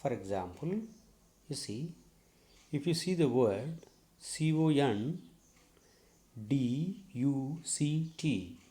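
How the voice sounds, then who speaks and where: Indian english guy giving a slow lecture, dark mellow voice, keeps saying okay. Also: mid-range voice, expressive. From South India. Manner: slow, deliberate, repeats key terms, asks "okay?". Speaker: English professor. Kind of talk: recorded lecture.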